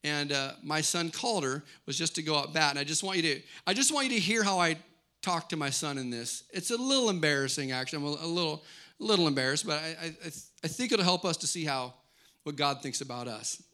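A man's voice: on the high side, animated, fast, sharp tone. A middle-aged man preaching a sermon, declaring scripture lines with rising intensity and then teaching in a conversational way. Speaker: pastor.

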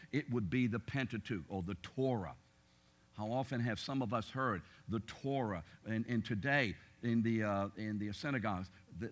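A middle-aged man teaching a Bible class, talking conversationally and emphatically, asking his listeners rhetorical questions. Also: mid-range voice.

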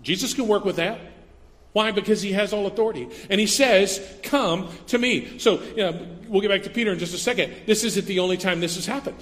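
A man's voice: sits high, fairly quick, a bit bright. A male pastor preaching a sermon in a church, often stopping to correct himself mid-sentence. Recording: long reverb of a large hall.

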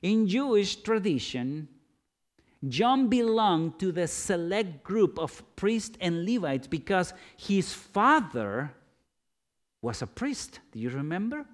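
A man preaching a sermon, dramatic, swinging from loud questions to hushed, low-spoken lines.

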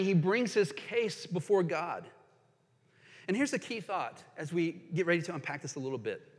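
High-voiced pastor preaching in a reverberant hall. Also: male voice, breathy edge. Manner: earnest, reads scripture aloud with emphasis. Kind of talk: sermon.

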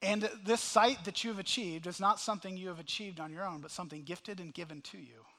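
A male pastor with a high, bright voice delivers an impassioned sermon. He swings from loud cries to hushed, intimate asides as he addresses the congregation. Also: fairly even intonation, a little fast. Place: church sanctuary.

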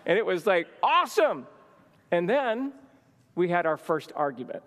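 A man's voice: high-pitched, moderate pace. A man telling a personal story in a sermon, speaking casually with lots of "like" fillers. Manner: lively storyteller, many "like" fillers. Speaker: church minister teaching a marriage session. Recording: long hall reverb.

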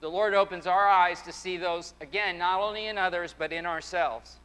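A man's voice: sits high, steady tone, moderate pace, fairly bright tone, clear, resonant tone. A man preaching a sermon as pastor, emphatic, often repeating phrases in a preaching cadence, in a church sanctuary. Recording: long hall reverb.

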